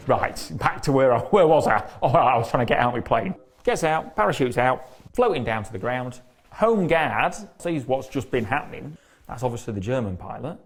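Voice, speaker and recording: A man presenting a documentary, telling stories in a lively way, swearing freely and laughing often. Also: a little high, vocal fry, dry recording. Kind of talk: lively storytelling to camera.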